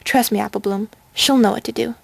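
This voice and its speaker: A woman's voice: fairly high pitch, fairly even intonation, fairly quick, gravelly, dry recording. A woman voicing a grave, wise young unicorn mentor in a storybook reading. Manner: solemn and earnest.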